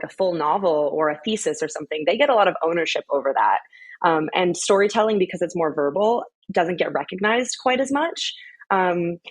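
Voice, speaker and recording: Low, husky-voiced woman podcast guest. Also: no echo. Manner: thoughtful, hedging with many fillers. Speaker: guest, community organizer. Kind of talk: casual podcast interview.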